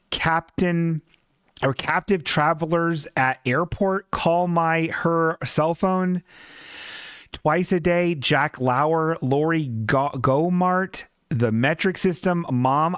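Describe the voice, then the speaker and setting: A man's voice: on the high side, clean tone, dry recording, studio quality. A man hosting a podcast, giving casual, sarcastic, profanity-laced live commentary on a TV show. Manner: sarcastic, profane, exasperated riffing. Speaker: podcast host.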